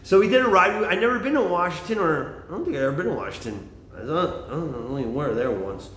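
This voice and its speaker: A man's voice: fairly high pitch, animated, fast, fairly bright tone. A middle-aged man telling a meandering, profane story in a casual monologue, drifting off on tangents, recorded on a phone. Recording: echoey room.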